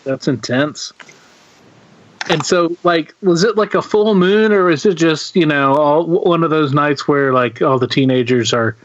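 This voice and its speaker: A man's voice: a little high, a little slow, no echo. A man hosting a podcast, asking long rambling questions full of fillers in casual chat. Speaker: podcast host. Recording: dry, dull lo-fi audio.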